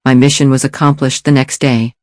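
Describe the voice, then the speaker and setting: A man's voice: medium pitch, level tone, brisk, no room sound, studio quality, natural voice. A man voicing a cold, polite male assassin with an English accent, slightly nasal, formal and fearless. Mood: cool. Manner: formal, fearless, says "sir".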